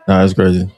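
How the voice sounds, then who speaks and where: Low-voiced laid-back podcast host. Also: male voice, dark tone, dry recording. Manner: laid-back, joking, laughs often. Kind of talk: casual podcast chat.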